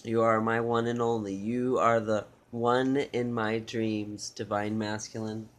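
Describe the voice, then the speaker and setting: A man reading channeled love messages in a soft, tender way, with repeated phrases and pauses. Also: on the low side, little pitch movement, a little hiss or hum. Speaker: spiritual reader.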